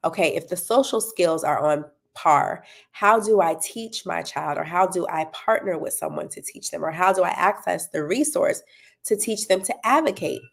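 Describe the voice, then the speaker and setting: Woman, lower voice, gravelly, encouraging parent coach, asks listeners to keep up. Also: normal speed. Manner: encouraging, checks in with listeners often. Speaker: parenting coach and tutoring business owner. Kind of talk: talk to parents, promoting an event.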